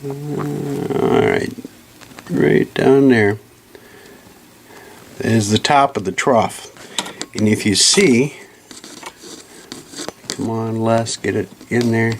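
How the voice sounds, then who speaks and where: A man's voice: mid-range voice, very slow, vocal fry, long pauses, slight background noise. A man hosting a casual hands-on tutorial at his home reloading bench, talking in a folksy, rambling way with frequent self-corrections and apologetic asides, recorded on a camera mic. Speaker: channel host demonstrating a reloading tool. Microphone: camera mic, handheld then on tripod.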